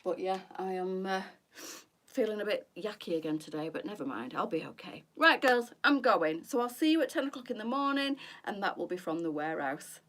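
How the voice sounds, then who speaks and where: A woman's voice: mid-range voice, lively intonation, a little fast, fairly bright tone. A middle-aged woman, chatting casually to viewers on her boutique live stream and calling them girls.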